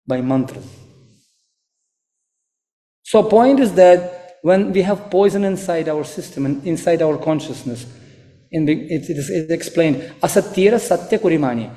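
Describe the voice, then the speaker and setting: A man from Ukraine preaching a sermon, animated and acting out quoted voices. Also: sits high. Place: temple hall. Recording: echoey hall.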